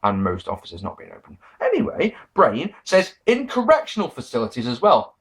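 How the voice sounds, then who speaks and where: A man's voice: mid-range voice, huge pitch swings, normal speed, hardly any pauses, a bit bright. A man reviewing an old wrestling show in a casual, sarcastic monologue, swearing freely and mocking what he watched. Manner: sarcastic, profane, mock-quoting people.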